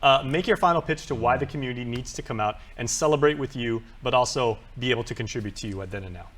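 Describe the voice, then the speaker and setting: A man's voice: medium pitch, a bit bright. A man hosting a casual studio interview, upbeat and joking with his guests. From Guam. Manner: upbeat, joking, quick-talking. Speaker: host. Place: radio or TV studio.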